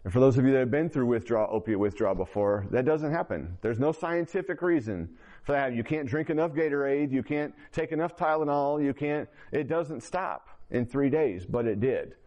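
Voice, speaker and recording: A man's voice: mid-range voice, moderate pace, darkish tone, highs cut off. A man giving his testimony as a sermon to a congregation, telling his story earnestly and then urging listeners directly. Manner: direct exhortation to the audience.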